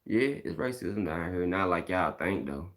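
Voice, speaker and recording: A man's voice: low voice, lively intonation, normal speed, fairly bright tone. A middle-aged man from Mississippi with a Southern accent, talking bluntly and casually on a live stream, repeating his points in slang.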